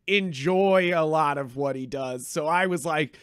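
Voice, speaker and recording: Male podcast co-host, high bright voice, very lively delivery, dry close sound, casual and profane. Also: measured pace, clean tone, no room sound. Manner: animated, swears freely, acts out reactions in quotes. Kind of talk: casual movie review chat.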